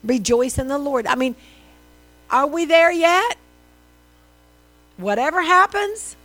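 A high-pitched woman delivers a sermon, talking to the congregation casually with lots of rhetorical questions. A low mains hum runs under her voice. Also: a little slow, dry recording. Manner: conversational preaching with rhetorical questions and mimicked voices. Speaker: preacher.

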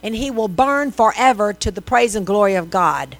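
A woman preaches a conversational sermon, asking the listeners questions and acting out people's replies in mimicked voices. Her mid-range voice has lively intonation at normal speed. The recording is dry, with soft music behind her.

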